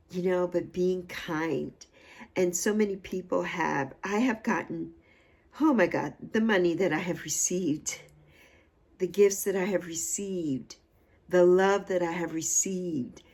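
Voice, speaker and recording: Her voice fairly low, a little mellow, and edged with breathiness, a woman in her sixties talks on her livestream in an effusive, heartfelt way. She is still emotional and keeps repeating phrases for emphasis during this casual chat.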